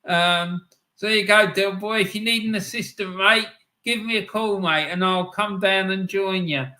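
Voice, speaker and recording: A man's voice: high voice, steady tone, moderate pace, bright, forceful tone. A middle-aged man hosting a casual live stream, reading out chat comments in a chatty way with lots of ums, frequent laughs and "mate".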